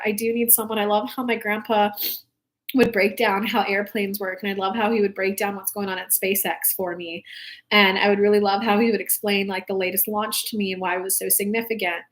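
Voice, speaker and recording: A woman's voice: mid-range voice, steady tone, fast. A young adult woman hosting a live spiritual talk show, speaking casually and from the heart, rambling with lots of "like".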